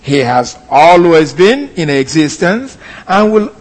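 High-voiced guy preaching a sermon, lots of uhs, big echoey hall. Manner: animated teaching with pauses and fillers. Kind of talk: expository sermon.

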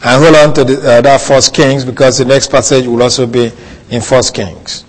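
A man preaching a Bible teaching sermon, slow and deliberate, lingering on key words. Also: mid-range voice, fairly even intonation. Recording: long reverb of a hall.

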